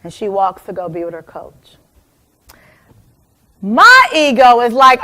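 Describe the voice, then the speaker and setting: A woman in her forties telling a personal story in a lively keynote talk, calling out to audience members by name. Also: sits high, normal speed. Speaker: motivational speaker.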